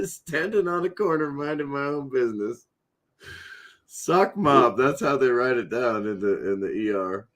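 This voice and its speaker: A man's voice: mid-range voice, expressive, fairly bright tone, voice pushed up. A man putting on a drawling Southern American voice, playing up the accent for fun. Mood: playful. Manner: slow drawl put on for fun.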